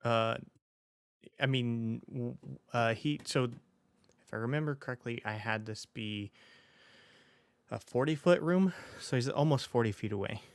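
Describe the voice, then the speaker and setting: Man, game master, hesitant narration, smooth tone, dry close sound. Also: medium pitch, a little slow, long pauses, no echo. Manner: hesitant, many ums and restarts.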